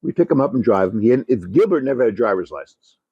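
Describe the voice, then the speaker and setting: A man, a former comedy club owner, co-hosting a casual chat and telling animated stories, swearing freely and laughing often. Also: mid-range voice, fast talker, slightly rough, muffled recording.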